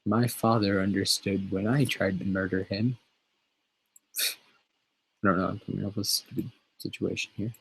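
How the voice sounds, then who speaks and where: A man's voice: deep voice, fairly even intonation, normal speed, gravelly, pauses often, a bit bright, slightly rough, poor audio. A man hosting a casual show, rambling and swearing freely as he chats. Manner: profane, rambling, laughs often. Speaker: show host.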